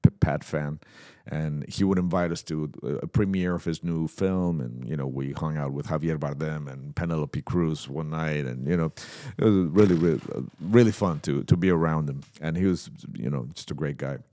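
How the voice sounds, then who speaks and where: A man's voice: very deep voice, moderate pace, hardly any pauses, no room sound, clean studio sound. A middle-aged man from Mexico, a guest telling stories in a casual interview and acting out the dialogue. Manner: animated storyteller who acts out dialogue. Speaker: guest musician. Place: podcast set at a trade show.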